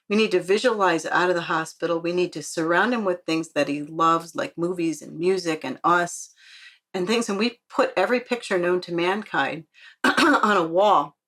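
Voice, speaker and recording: A woman's voice: on the low side, fairly bright tone. A woman author as an interview guest, chatty and earnest, laughing often and acting out the quotes in her stories. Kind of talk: casual interview storytelling.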